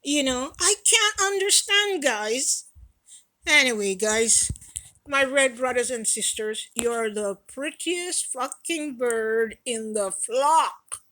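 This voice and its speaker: A woman in her sixties speaking straight to her community, emphatic and profane, repeating her phrases and swinging between soft and loud. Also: sits high, animated, takes it slowly, poor audio. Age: 60s. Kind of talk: impassioned direct-to-camera talk.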